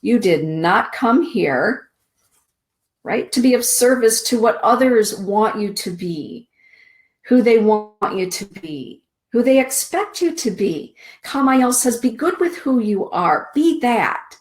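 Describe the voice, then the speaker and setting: A middle-aged woman hosting a spiritual show, reading oracle cards aloud in a soothing, deliberate way. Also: fairly high pitch, animated. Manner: slow, soothing, deliberate delivery with drawn-out words. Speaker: host giving oracle card readings.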